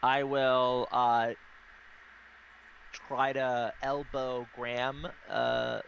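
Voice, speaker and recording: Casual guy at a game table, rambling, kinda bright voice. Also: medium pitch, flat delivery, extremely slow, slight background noise, poor audio. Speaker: player.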